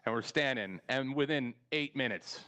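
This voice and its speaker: A man's voice: mid-range voice, normal speed, bright, forceful tone, smooth. A man hosting a podcast and telling a long story in casual chat, rambling and laughing often as he goes. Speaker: podcast host.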